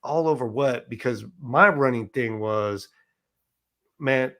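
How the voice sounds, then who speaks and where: A man's voice: medium pitch, takes it slowly, pushed and bright. A man as an interview guest, recounting experiences in a loose, conversational way, often checking in with "right?" and restarting his sentences. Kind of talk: casual storytelling interview.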